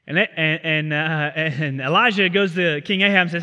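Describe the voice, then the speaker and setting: A male pastor preaching a sermon in a theatre, telling the story in an animated, casual way. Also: a little high, moderate pace, few pauses. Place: theatre used as a church. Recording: reverberant theatre hall.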